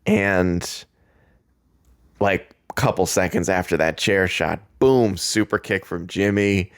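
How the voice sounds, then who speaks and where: A fairly low-voiced man talking through a wrestling moment on his podcast, full of fillers and little laughs as he gets excited. The sound is close and dry, with no room around it. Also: slow pace, clear, resonant tone, dry recording. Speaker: podcast host. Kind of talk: casual wrestling recap.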